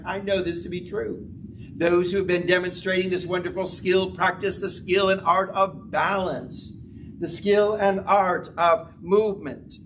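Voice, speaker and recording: A man preaching to his congregation in a high, carrying voice. He swings from hushed low lines to loud bursts and drives each point home by repeating it. The mic is far from him, and steady noise fills the recording. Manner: dramatic swings in pitch and volume, emphatic repetition. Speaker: pastor. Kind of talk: sermon. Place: church sanctuary. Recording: distant mic with background noise.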